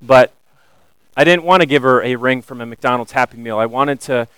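A man preaching a sermon, animated and building to emphatic questions. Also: mid-range voice, normal speed, clear, resonant tone, dry recording, low-quality recording. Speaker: pastor.

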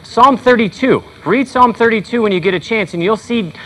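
A man's voice: sits high, normal speed, bright, forceful tone, poor audio. A male pastor preaching a sermon in an earnest, conversational way with frequent fillers.

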